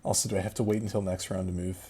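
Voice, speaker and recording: A man playing in an online tabletop game, speaking hesitantly and trailing off quietly. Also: sits low, little pitch movement, very fast, over a noisy crowd. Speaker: player. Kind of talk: casual tabletop game chat.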